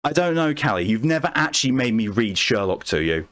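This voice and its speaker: A man streaming a game late at night, chatting calmly with his chat and answering messages in a soothing tone. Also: medium pitch, a little fast, dry recording. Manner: calm, soothing voice meant to lull viewers to sleep.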